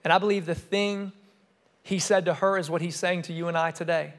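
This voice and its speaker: Man, young adult, preaching, high-pitched, repetitive emphatic phrasing, swings between loud and soft. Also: fairly even intonation, brisk. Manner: emphatic preaching with repeated phrases and shifts in loudness. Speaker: student pastor. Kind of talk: sermon.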